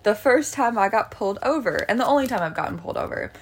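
A young woman co-hosting a podcast, telling a personal story in a lively, chatty way. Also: on the high side, fast talker, slightly rough. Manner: animated storytelling. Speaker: podcast co-host. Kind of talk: casual chat.

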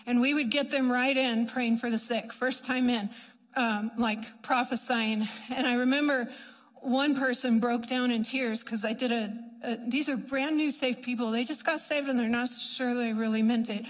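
A woman minister telling testimonies in a chatty, animated storytelling way, acting out what people said. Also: on the high side, moderate pace, big-room sound, low-quality recording. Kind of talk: testimony preaching.

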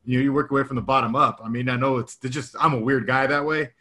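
A man's voice: medium pitch, fairly even intonation, quick pace, pushed and bright. A man in his thirties or forties co-hosting a podcast in casual, rambling chat, laughing often as he talks. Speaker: podcast co-host.

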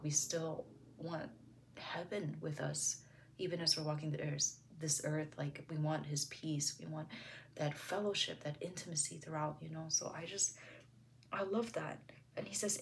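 A woman giving an earnest, reflective Bible commentary, speaking softly and sometimes slipping into a whisper. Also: sits low, vocal fry, a little hiss or hum. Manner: soft-spoken, earnest, heavy use of "like" and "you know"; drops into a whisper at times. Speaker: devotional video host.

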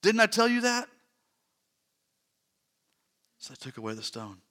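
A man preaching a sermon, earnest, dropping to soft hushed lines and rising to loud emphatic repetition. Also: high-pitched, sing-song, a little slow. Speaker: pastor.

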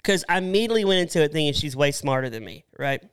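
A man's voice: fairly high pitch, animated, fast talker, smooth, dry recording, studio quality. A man with a Southern US accent, co-hosting a podcast in a casual, joking chat. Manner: joking, plays bad put-on accents. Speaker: podcast co-host.

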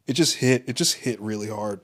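Low-voiced rambling casual man. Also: a little fast. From Los Angeles. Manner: rambling, profane, frequent fillers and restarts. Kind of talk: casual monologue.

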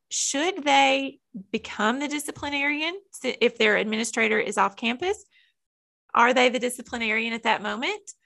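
A woman's voice: fairly high pitch, vocal fry, bright, forceful tone. A woman co-hosting a podcast, joking in casual chat and reading out listener questions. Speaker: podcast co-host, school counselor.

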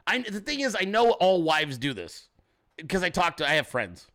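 Host, male, 40s: bright, high-pitched voice, very animated, profane storyteller. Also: normal speed. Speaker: show host. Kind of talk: profane ranting monologue.

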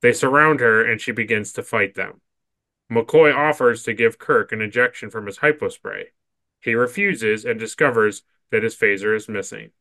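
A man co-hosts a podcast with a bright, forceful voice, recorded dry and close with no room sound. He trades casual banter with a friend and reads episode summaries aloud in an even, steady way. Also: fairly low pitch, normal speed, dry recording. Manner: laughs often, stammers when giving opinions. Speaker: podcast co-host. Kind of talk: casual chat and reading episode recaps.

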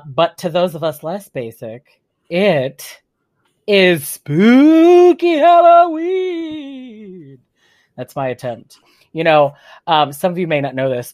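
A man's voice: sits high, no echo. Campy male podcaster, chatty and self-mocking, dry close mic. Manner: chatty, campy, laughs at himself. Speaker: podcast host. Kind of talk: solo podcast monologue.

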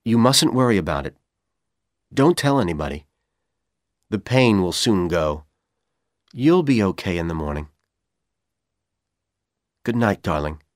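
A man with a Persian accent voicing a manipulative young man who coaxes and pressures in a calm, persuasive tone. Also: low-pitched, measured pace, long pauses, dry recording, clean studio sound. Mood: soft, reassuring. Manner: coaxing, then coldly insistent.

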